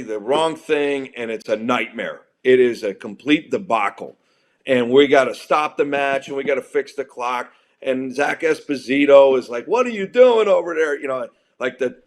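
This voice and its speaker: Middle-aged male guest, animated raconteur, mid-pitched, lots of restarts. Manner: excitable, acts out quotes with restarts. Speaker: wrestling event organizer guest. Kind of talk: animated storytelling in a podcast interview.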